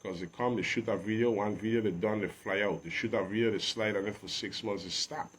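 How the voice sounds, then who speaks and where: A man's voice: fairly low pitch, a little fast, slight background noise. Emphatic Virgin Islands man. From U.S. Virgin Islands, Saint Thomas. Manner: preachy, emphatic, often rising loud and emphatic. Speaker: interview guest, musician. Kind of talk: casual reasoning talk.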